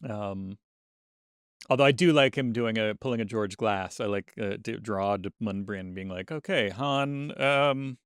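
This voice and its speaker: A man's voice: fairly low pitch, steady tone, moderate pace, smooth, dry recording, studio quality. A man co-hosting a podcast, chatting casually and joking with many restarts. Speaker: podcast host. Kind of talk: casual chat.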